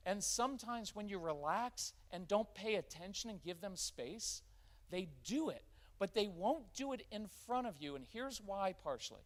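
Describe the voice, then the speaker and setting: A man's voice: sits high, lively intonation, moderate pace. A man in his fifties giving a live parenting workshop, joking and acting out parent-child dialogues. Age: 50s.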